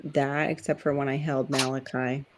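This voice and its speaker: A panelist in casual chat, talking in an expressive way. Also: mid-range voice, normal speed, over a noisy crowd.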